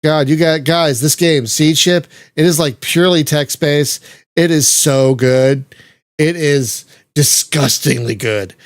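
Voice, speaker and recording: A man hosting a casual podcast chat, gushing and excitable, swearing freely. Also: on the high side, measured pace, dry recording, clean studio sound. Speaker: podcast host.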